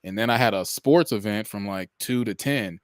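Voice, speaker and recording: Young man, podcast co-host; low-ish voice, loose rambling chat, dry close recording. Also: moderate pace, no echo. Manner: relaxed, rambling with many fillers and restarts. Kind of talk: casual chat.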